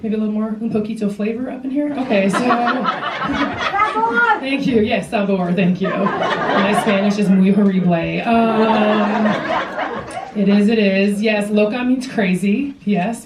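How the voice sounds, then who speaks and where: A woman's voice: medium pitch, background noise. A woman hosting a stand-up comedy show on a theater stage, chatty and self-mocking. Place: theater stage with live audience. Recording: roomy theater sound from a distance, loud audience.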